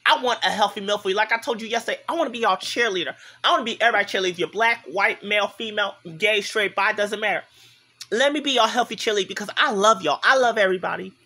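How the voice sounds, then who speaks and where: A man's voice: high voice, very fast, pushed and bright. A man speaking in an impassioned, preachy, repetitive monologue to his viewers, tearful as he talks. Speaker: vlogger. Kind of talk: emotional direct-to-camera monologue.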